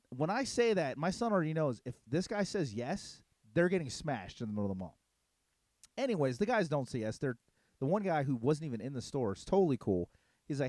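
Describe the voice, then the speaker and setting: Fast, animated, heated middle-aged man. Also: medium pitch, no room sound. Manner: heated, profane, animated storytelling. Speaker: podcast co-host. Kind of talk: casual storytelling chat.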